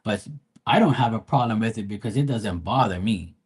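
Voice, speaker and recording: A man's voice: fairly low pitch, animated, brisk, breathy edge. A man who reads tarot live, chatting casually with his viewers in a blunt, profane, slangy and rambling way. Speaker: live tarot reader and streamer. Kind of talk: casual livestream chat.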